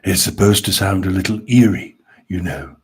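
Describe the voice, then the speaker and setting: A man putting on a dark, eerie, posh-sounding sinister voice, slow and drawn out, during a live stream. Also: low voice, husky, voice pushed down.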